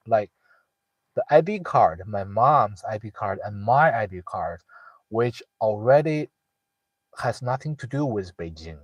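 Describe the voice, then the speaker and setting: A young man, telling a family story in casual talk with many pauses, fillers and restarts. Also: mid-range voice, a little mellow, no room sound, low-quality recording. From northeast China. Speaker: guest sharing a personal story.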